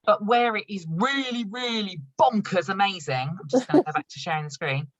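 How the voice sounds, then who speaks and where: A woman's voice: mid-range voice, expressive, fairly quick, muffled recording. A woman running an online training session for new consultants. She talks in a chatty, upbeat way, laughs often and shows products as she explains them. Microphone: video call.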